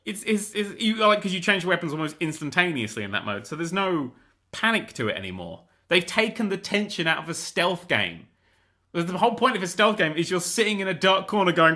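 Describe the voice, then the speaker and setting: A young man hosting a gaming show, ranting in a casual, animated, sweary, exasperated way. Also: high-pitched, brisk. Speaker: gaming host. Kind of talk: casual rant about a video game.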